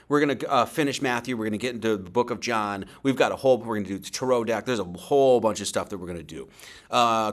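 A man hosting an online religious service, giving informal closing thanks and announcements in a loose, rambling way. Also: mid-range voice.

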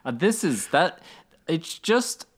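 A man's voice: a little high, very animated, slow pace, breathy edge. A man co-hosting a casual podcast, wry and rambling, often restarting his sentences. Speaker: podcast co-host. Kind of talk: casual chat.

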